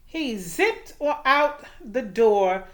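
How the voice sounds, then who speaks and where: A woman teacher reading a storybook aloud, with expressive, animated storytelling. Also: on the high side, extremely slow.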